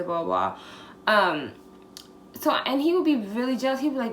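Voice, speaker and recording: A woman's voice: medium pitch, quick pace. A woman in her twenties telling a personal story on her vlog, candid and profane, acting out what people said to her. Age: 20s. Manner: candid, profane, animated retelling with acted-out quotes. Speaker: vlogger. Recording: echoey room, faint background hiss.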